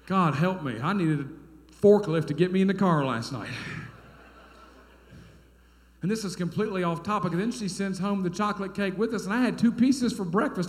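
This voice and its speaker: A man, preaching a sermon as a pastor in folksy storytelling style, dropping to quiet asides and rising to loud, emphatic bursts. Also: high-pitched, expressive, fairly quick. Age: 30s. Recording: echoey hall.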